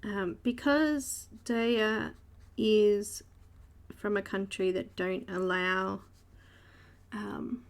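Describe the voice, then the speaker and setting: A woman's voice: medium pitch, fairly even intonation, drawn-out words, vocal fry. A woman with an Australian accent hosting a live coloring stream, chatting casually while she explains each step and greets viewers by name. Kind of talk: live art tutorial narration.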